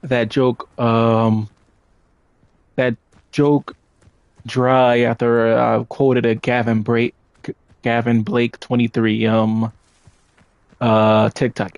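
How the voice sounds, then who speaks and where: A man's voice: medium pitch, flat delivery, extremely slow, pauses often, darkish tone, clean tone, no room sound. A man with a New York accent giving casual gameplay commentary, rambling and correcting himself with a lot of swearing. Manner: rambling, self-correcting, profane. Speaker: gaming streamer.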